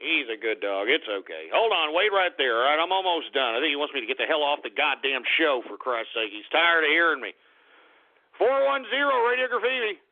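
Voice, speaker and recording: A man hosts a call-in radio show in a high voice that leaps all over the place. He sounds exasperated, curses freely and keeps breaking into laughter. The audio is thin and tinny, like a phone line. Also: big pitch swings, fairly quick.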